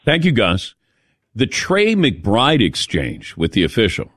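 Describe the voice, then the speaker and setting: A man's voice: fairly low pitch, takes it slowly, no room sound, clean studio sound. A man hosting a sports talk radio show, taking calls and giving opinionated takes. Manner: opinionated, lively.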